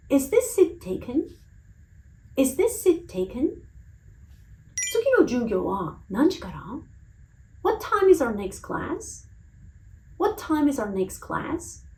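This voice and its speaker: A woman teacher with a high voice works through a list of phrases. She says each in Japanese, then repeats it twice in English, slowly and clearly, so learners can copy her pronunciation. Her pitch rises and falls in a lively way. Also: a little hiss or hum, poor audio. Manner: slow, careful, clearly pronounced English phrases.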